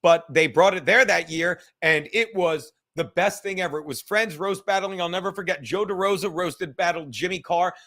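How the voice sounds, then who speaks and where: A man's voice: sits high, fairly bright tone. A man hosting a podcast, ranting heatedly with lots of swearing and rambling restarts. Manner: profane, heated, rapid rambling. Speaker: podcast host. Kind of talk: casual podcast rant.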